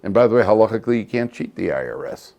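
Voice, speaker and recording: A man's voice: lowish voice, fast, vocal fry, highs cut off. A man, a rabbi, teaching a Torah class and telling stories, acting out the dialogue and often chuckling as he guides his students through the text. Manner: lively storyteller who acts out dialogue and chuckles often; addresses the class directly and points them to the text.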